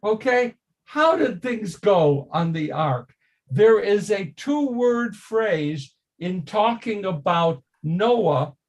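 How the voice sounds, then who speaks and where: Older male rabbi, high-pitched voice, slow deliberate teaching, quizzes the class. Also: very animated. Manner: slow, emphatic, rhetorical questions to the class. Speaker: rabbi teaching Torah study. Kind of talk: informal Torah study class.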